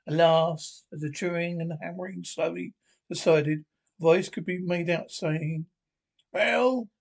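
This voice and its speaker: A man's voice: on the high side, level tone, measured pace, gravelly, darkish tone, low-quality recording. A man reading a classic children's story aloud, with frequent slips and restarts. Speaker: reader.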